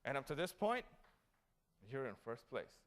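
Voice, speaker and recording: A man's voice: medium pitch, normal speed. A man giving a motivational graduation speech, telling stories and asking the audience questions. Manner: animated storytelling, asks the audience questions. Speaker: graduation guest speaker. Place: city hall event.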